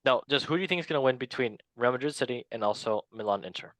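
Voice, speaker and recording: A man's voice: medium pitch, fast talker, a bit bright, no echo. A man hosting a casual football chat show, talking in a playful, joking way. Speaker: host.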